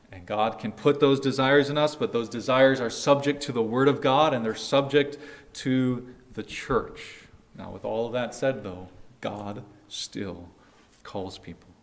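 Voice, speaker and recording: Slow, earnest preacher man. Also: mid-range voice. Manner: earnest preaching, swells louder on quoted lines, drops soft at phrase ends. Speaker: pastor. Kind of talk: sermon.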